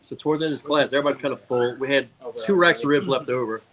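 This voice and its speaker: A man's voice: medium pitch, racing. A man telling a funny story on a casual talk show, acting out what people said. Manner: animated, laughing storyteller acting out quotes.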